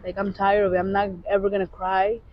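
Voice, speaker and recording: Halting, candid woman podcaster, dull recording. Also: mid-range voice, monotone, slight background noise. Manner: halting, many restarts, open and candid. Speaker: podcast co-host. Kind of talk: casual confessional chat.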